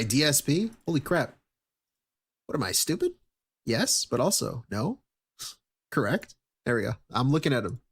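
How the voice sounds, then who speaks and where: A man's voice: medium pitch, slightly rough. A young man giving casual, sarcastic stream commentary, swearing often and mocking what he watches.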